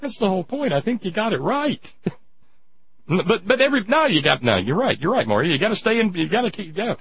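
A man's voice: sits high, big pitch swings, quick pace, breathy edge. A man hosting political talk radio, emphatic and sarcastic, chatting with listeners through a dull lo-fi radio recording. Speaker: radio talk show host.

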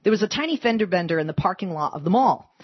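A Boston woman hosts a call-in radio show, chatty and lively. Her voice is a bit husky and sits in a dry, close, slightly dull studio sound. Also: fairly low pitch, no echo. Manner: chatty, lively, quick asides. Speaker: radio talk show host.

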